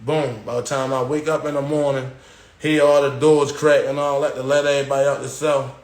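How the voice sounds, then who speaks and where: A man casually telling a long story on a live stream, dropping "yo" and "boom" as he goes and acting out the voices of others. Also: fairly quick, echoey room. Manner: animated retelling, acting out quoted guards and inmates with raised pitch; slangy, repeats "yo" and "boom". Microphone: phone.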